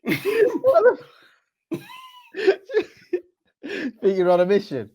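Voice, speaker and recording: A man's voice: very high-pitched, huge pitch swings, extremely slow, darkish tone, husky. A man, a podcast co-host reacting with short, sweary quips. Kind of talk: casual banter.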